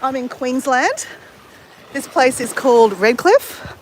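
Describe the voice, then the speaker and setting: A woman's voice: high-pitched, animated, slow. An Australian woman chatting to her live-stream viewers while she walks along a beach at sunrise. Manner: chatty, greets viewers, talks while walking. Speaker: livestream host. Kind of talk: casual live-stream chat while walking. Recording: faint outdoor background noise.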